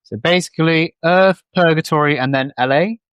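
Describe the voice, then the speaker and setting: A man co-hosting a podcast who trades deadpan, sarcastic quips in comedic banter. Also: fairly high pitch, normal speed, smooth, dry recording. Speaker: podcast co-host.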